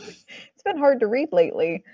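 A woman's voice: fairly high pitch, big pitch swings, normal speed, dry recording, lo-fi sound. A woman library staffer and story time presenter chatting casually, eager and a little apologetic, with lots of fillers. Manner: enthusiastic and a bit apologetic, filler-heavy. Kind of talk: casual podcast chat.

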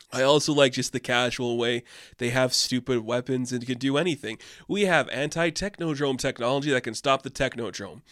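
A man's voice: medium pitch, a bit bright, no room sound. Rambling, opinionated man with a dry sound. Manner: rambling and opinionated, many fillers. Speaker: podcast host. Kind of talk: casual film review monologue.

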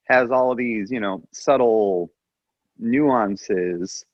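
A man's voice: on the low side, extremely slow, no echo. Podcast co-host, American man from the Midwest, loose rambly delivery, dry lo-fi recording. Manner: rambling, restarts and muses aloud. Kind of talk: casual chat.

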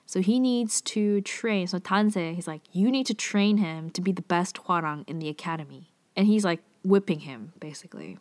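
A woman's voice: fairly low pitch, animated, normal speed, hardly any pauses, a little mellow. A woman giving a casual, chatty recap of a TV drama episode, sprinkling her talk with "like" and fillers. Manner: chatty, heavy use of "like" and filler.

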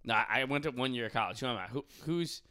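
A young man hosts a loose podcast chat in a bright, crisp voice that sits at an ordinary pitch. He talks animatedly, peppering everything with "dude" and swearing freely. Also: quick pace. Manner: animated, swears a lot, says "dude" constantly.

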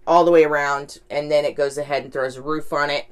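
A woman's voice: sits low, fairly even intonation, brisk, smooth. A woman talking candidly in a casual reflective monologue, rambling, with lots of "like" and "right?".

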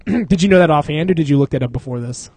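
A man's voice: a little high, expressive, fairly quick, warm tone, breathy edge, dry recording. A young man co-hosting a podcast in casual chat, rambling, slangy and laughing often. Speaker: podcast co-host.

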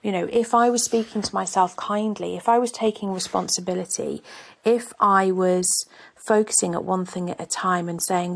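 A woman's voice: mid-range voice, steady tone, normal speed, vocal fry. A woman hosting a self-help podcast, a mother speaking candidly and thinking aloud in a reflective monologue. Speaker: podcast host; mother of three.

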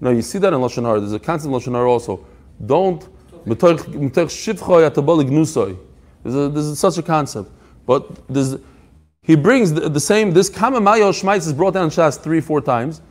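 A man teaching a Talmud class, emphatic and animated, quoting passages and explaining them in English. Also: on the high side, moderate pace. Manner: animated, emphatic, mixing Hebrew-Aramaic quotes with English explanation.

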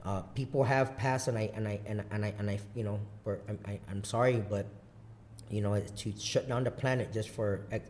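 A man from Guam telling stories in a loose, profane, rambling way, laughing loudly at his own punchlines. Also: on the low side, fairly even intonation, normal speed, slight background noise. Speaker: podcast guest, coffee bar founder. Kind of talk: casual storytelling chat.

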